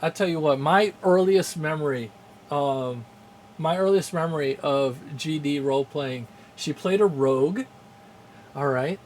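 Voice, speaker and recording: On a live stream for his game channel, a man with a somewhat high voice chats casually and unhurriedly, rambling with lots of fillers, chuckling often and greeting viewers in chat. A little hiss or hum can be heard.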